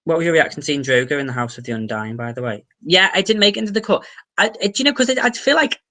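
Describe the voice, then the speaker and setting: A man's voice: a little high, lively intonation, quick pace, bright, forceful tone. A young man from England chatting casually on a livestream from home, rambling through restarts, fillers and casual swearing. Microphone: webcam.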